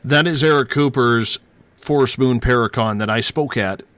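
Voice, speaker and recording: A man hosting a radio talk show. He speaks in a brisk, announcer-like way as he reads questions and wraps up the show. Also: medium pitch, fairly bright tone, no echo.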